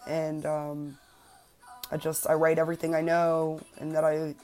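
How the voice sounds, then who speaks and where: A woman's voice: low voice, monotone, measured pace, a little mellow, faint music behind. A woman in her twenties hosting a personal self-help podcast, talking earnestly and emphatically and swearing freely. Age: 20s. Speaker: podcast host.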